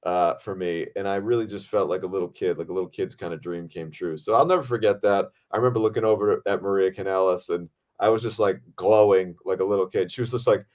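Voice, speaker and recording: A man with a fairly low voice chats on a podcast about his days on set. He talks in an excitable, animated way and swears freely as the story builds. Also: fast, hardly any pauses. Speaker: podcast host and film director. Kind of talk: casual storytelling chat.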